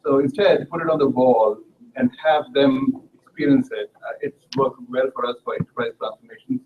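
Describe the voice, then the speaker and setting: A man's voice: medium pitch, normal speed. Man sounding tinny and phone-like. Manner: explanatory, business-minded. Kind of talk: classroom discussion. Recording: phone-like sound with faint noise.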